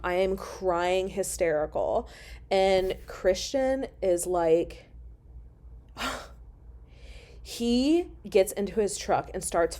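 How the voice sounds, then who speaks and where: A woman's voice: fairly low pitch, darkish tone. A woman telling a personal story to her viewers in a casual, emotional way, swearing freely and talking straight to them. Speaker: storyteller vlogger.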